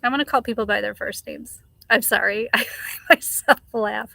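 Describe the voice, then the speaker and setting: Middle-aged woman, live streamer, heated unhurried rant, bright tone, dry close sound. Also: a little high, creaky, dry recording. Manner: passionate, ranting, swears, greets chat viewers. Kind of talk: casual livestream chat.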